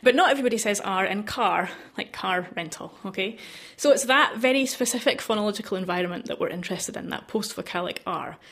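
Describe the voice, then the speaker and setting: Laughing woman linguist explaining. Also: medium pitch. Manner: explanatory, lively, quick to laugh. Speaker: linguistics researcher. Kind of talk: explanatory interview talk.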